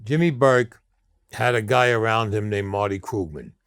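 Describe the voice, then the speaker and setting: Blunt older New York storyteller. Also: male voice, on the low side, normal speed, a bit bright, clean tone, dry recording, clean studio sound. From Brooklyn, New York. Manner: blunt, streetwise storyteller who acts out quoted people. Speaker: interview guest. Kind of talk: storytelling interview.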